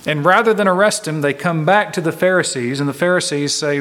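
Male pastor, emphatic sermon delivery, slightly high voice, long hall reverb. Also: brisk, a bit bright. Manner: earnest, emphatic, repeats phrases for stress. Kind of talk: expository sermon.

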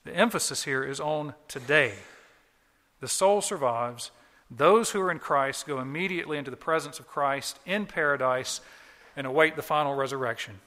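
A man's voice: on the high side, moderate pace, bright, forceful tone, long reverb tail. A man preaching a sermon as pastor, earnest and emphatic, often repeating key phrases. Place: church.

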